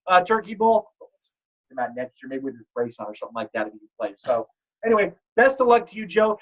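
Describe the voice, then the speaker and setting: A man hosting a fantasy football league podcast, telling stories in a joking, animated way. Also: high voice. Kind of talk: casual podcast chat. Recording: dull lo-fi audio.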